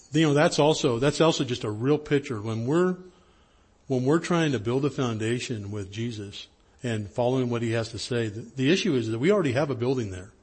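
A husky-voiced middle-aged man preaching from the pulpit, easygoing and conversational as he tells a story. His voice sits at an ordinary pitch, with a slightly breathy edge. He jumps higher when he acts out what people said. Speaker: pastor. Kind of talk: sermon with a personal story.

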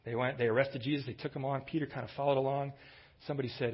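A man in the middle of a sermon, telling the story in an easy, conversational way and lifting his voice for emphasis. His voice has a husky edge, and the recording sounds dull and lo-fi. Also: mid-range voice, steady tone, rapid-fire. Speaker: pastor.

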